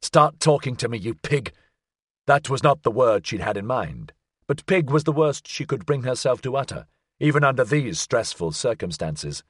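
Husky, expressive male audiobook narrator. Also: mid-range voice, moderate pace, dry recording, clean studio sound. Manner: expressive, suspenseful reading. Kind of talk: scripted narration.

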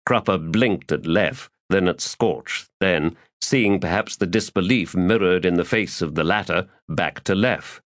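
A man reading the narration of a fantasy audiobook in a low, measured voice. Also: fairly bright tone, no room sound, clean studio sound. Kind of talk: scripted narration.

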